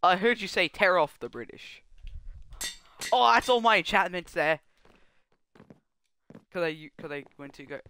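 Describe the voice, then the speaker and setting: A young man chatting casually on a gaming livestream, joking and rambling with quick laughs. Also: high-pitched, lively intonation, bright, forceful tone, clear, resonant tone, no echo. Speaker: streamer.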